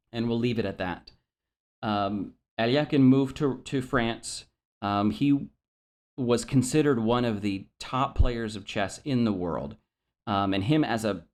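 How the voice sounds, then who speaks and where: A man giving a casual chess opening lesson, hesitant and full of ums and self-corrections, apologizing for his pronunciation. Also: fairly low pitch. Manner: self-deprecating about pronunciation. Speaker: chess instructor.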